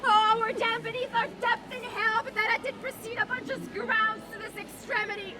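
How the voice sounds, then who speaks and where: A woman's voice: very high voice, little pitch movement, moderate pace. A teenage girl playing Othello, a jealous, vengeful male general, declaiming Shakespeare verse outdoors. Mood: defiant. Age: teens. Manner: declaiming verse, building to rage. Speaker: student actor. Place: outdoor park stage. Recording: noisy outdoor park performance with crowd.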